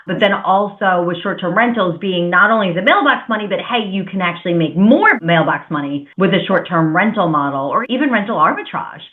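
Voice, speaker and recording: A woman's voice: fairly low pitch, lively intonation, brisk, hardly any pauses. A woman hosting a podcast interview, talking in long, rambling, hedging turns. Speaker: podcast host. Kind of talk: casual interview chat. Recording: tinny phone-like line.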